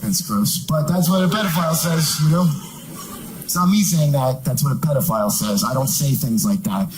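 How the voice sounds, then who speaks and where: A man's voice: a little high, expressive, brisk, a little hiss or hum, rough recording. A man doing a stand-up comedy routine, brash and mocking, who puts on silly voices.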